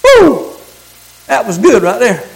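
A man preaching a sermon, calling out to the congregation and rising into shouts. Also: very high-pitched, normal speed, low-quality recording.

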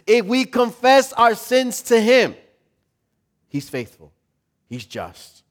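A male pastor giving a casual, humorous sermon with dramatic swings between loud and soft. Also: very high-pitched, very animated, slow pace, long pauses.

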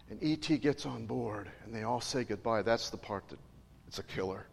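A man's voice: on the low side, moderate pace, creaky, slightly rough. A male pastor preaching a sermon in a chatty, digressive way, joking with and questioning his congregation. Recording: long reverb in a large hall.

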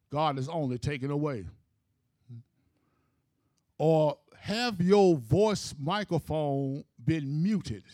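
A man's voice: a little high, dark tone, no echo, studio quality. A man preaching a sermon, telling a scripture story with emphatic, rhythmic phrasing.

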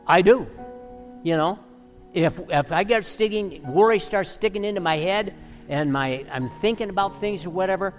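A man's voice: high voice, moderate pace. Pastor guy preaching hard, asks lots of questions, big hall echo, faint music under it. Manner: emphatic, rhetorical questions. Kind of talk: sermon.

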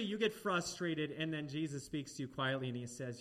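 A man delivers a sermon in a fairly high voice. He is animated, and he keeps turning to the congregation with questions and asides. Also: moderate pace, hardly any pauses. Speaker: preacher.

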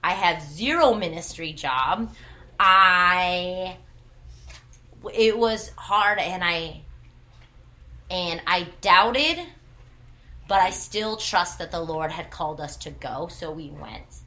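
A woman's voice: fairly low pitch, takes it slowly, long pauses, pushed and bright. A woman in her thirties who worked in church ministry, telling a personal testimony with earnest storytelling and quoted dialogue.

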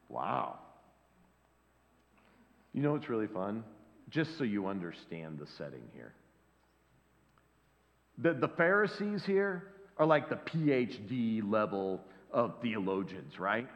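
A man preaching a sermon, acting out the voices of the people in the scripture story. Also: medium pitch. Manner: lively, acts out the voices in the story. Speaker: pastor. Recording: dull lo-fi sound with long hall reverb.

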